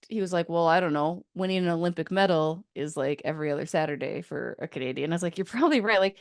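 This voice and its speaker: A woman's voice: fairly low pitch, no echo, clean studio sound. A woman co-hosting a casual sports podcast, joking and laughing as she chats. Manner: playful, joking, laughs often. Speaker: podcast co-host. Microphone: studio microphone.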